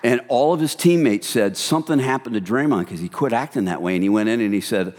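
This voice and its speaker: A man preaching an animated sermon, his voice sitting in the middle of the male range. He slips into hushed asides to act out everyday gossip. The sound carries a long hall reverb. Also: medium pitch, a little fast, hardly any pauses. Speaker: pastor.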